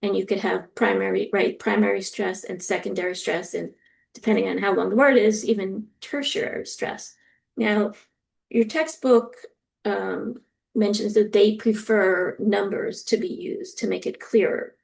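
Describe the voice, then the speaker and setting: A woman lecturer explaining a topic step by step, often pausing with ums and acting out example sentences. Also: mid-range voice, steady tone, gravelly, a little mellow. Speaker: university lecturer. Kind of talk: recorded lecture.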